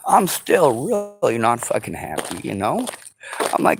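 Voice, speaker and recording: A man ranting to his viewers, sarcastic and profane, slipping into mocking high voices, with a faint background hiss. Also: sing-song, unhurried, creaky. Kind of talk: angry rant to viewers. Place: vehicle.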